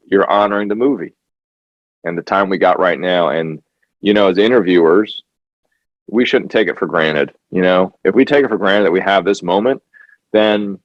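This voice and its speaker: Earnest lower-voiced man in a lo-fi interview. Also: no room sound. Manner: earnest, emphatic, repeats words for stress. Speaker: documentary filmmaker, interview guest. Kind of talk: conversational interview. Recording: dull lo-fi dry sound.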